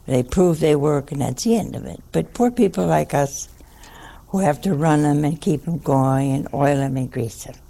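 Older woman, nun, anecdotal storytelling, gravelly, dark and mellow, dry asides. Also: sits low. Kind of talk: storytelling talk to an audience.

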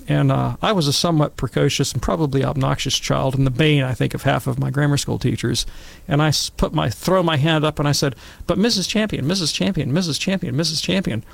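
A middle-aged man telling wry, animated stories and commenting on scripture in a casual talk. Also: medium pitch, fairly quick, gravelly, dry recording. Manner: wry, animated anecdotes with acted quotes.

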